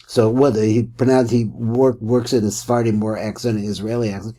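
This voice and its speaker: A man's voice: fairly low pitch, fairly even intonation, moderate pace, few pauses, warm tone. A man teaching a Torah class, reading a text aloud and explaining it with Hebrew terms.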